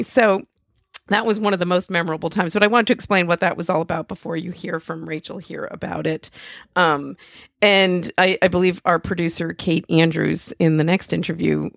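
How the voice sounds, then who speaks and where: A woman in her forties hosts a podcast with casual, rambling chat, laughing easily as she goes. Her lowish voice carries a gravelly fry, and the sound is dry and close. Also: no room sound. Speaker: podcast host.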